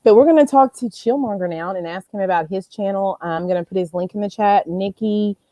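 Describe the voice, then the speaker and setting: Woman, stream host, mellow voice, dry close sound, casual rambling chat. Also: medium pitch, brisk, no echo. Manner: chatty, rambling, greets viewers by name.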